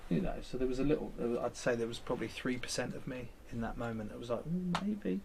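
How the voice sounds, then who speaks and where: A man's voice: medium pitch, level tone, very fast, gravelly, crowd noise. A man, candidly retelling events in an interview and acting out quoted lines, with some casual swearing.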